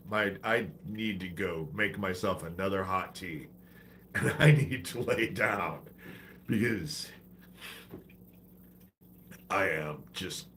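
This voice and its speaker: A low-pitched man rants on a livestream, swearing freely and turning preachy between complaints. He has a head cold, and a faint hiss sits under his voice. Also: takes it slowly, long pauses, a bit bright. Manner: profane, exasperated, preachy. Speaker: livestream host. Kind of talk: ranting livestream monologue.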